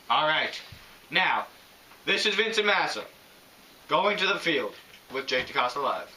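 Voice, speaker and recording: A man's voice: fairly high pitch, sing-song, measured pace, pauses often. A man anchoring a mock newscast, reading out items and sign-offs in a casual, jokey way. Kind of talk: mock news presenting. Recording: distant mic with loud hiss.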